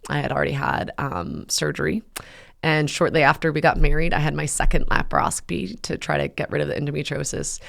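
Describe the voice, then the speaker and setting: A woman in her thirties hosting a faith talk, telling a personal story in a rambling, heartfelt way with many pauses and fillers. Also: low-pitched, vocal fry. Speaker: podcast host. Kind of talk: casual personal testimony.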